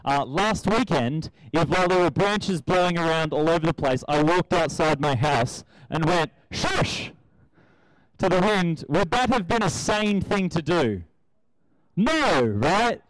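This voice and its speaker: A man's voice: a little high, expressive, a little slow, dry recording, low-quality recording. A young man giving a conversational sermon, asking his listeners rhetorical questions. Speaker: preacher.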